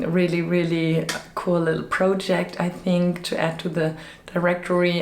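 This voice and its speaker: A woman with a slightly low voice chats loosely to camera about her design work. She rambles, with plenty of ums and uhs, and her voice still sounds a bit off from a recent illness. She talks into a mic with a fluffy windscreen in a room with a noticeable echo. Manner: rambling, chatty, many fillers. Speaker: web theme designer. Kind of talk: casual vlog chat. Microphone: microphone with fluffy windscreen. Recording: echoey room.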